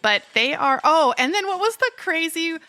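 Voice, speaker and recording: A woman's voice: very high voice, expressive, normal speed, bright, forceful tone. A woman co-hosting a podcast in casual chat, emphatic and laughing often. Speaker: podcast co-host.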